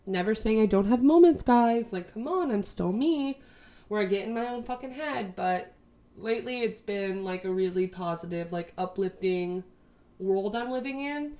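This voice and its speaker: A woman's voice: mid-range voice, animated, moderate pace, dark tone. Rambling young woman chatting to camera. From Texas. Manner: rambling, lots of swearing and "like". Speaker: vlogger. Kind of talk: casual chat to camera.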